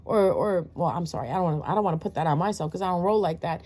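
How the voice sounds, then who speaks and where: Racing along in a low, somewhat mellow voice, this tarot reader gives her viewers a casual, preachy talk. She speaks bluntly, swears liberally, and fills the gaps with rhetorical questions and filler words.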